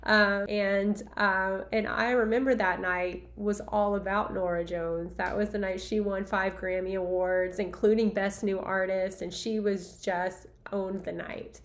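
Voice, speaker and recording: A woman in her forties tells a personal story casually over a set of photos, her voice sitting at a middle, unremarkable pitch. She talks in a chatty, loose way, with plenty of fillers, and acts out the dialogue she remembers. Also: steady tone, unhurried, hardly any pauses. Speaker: former arena event staffer telling a memory.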